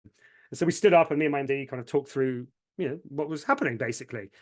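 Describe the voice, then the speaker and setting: A man's voice: medium pitch, fast, a little mellow. A man, an agency founder speaking as a podcast guest, telling his story candidly and with feeling, repeating words when moved and acting out what others said.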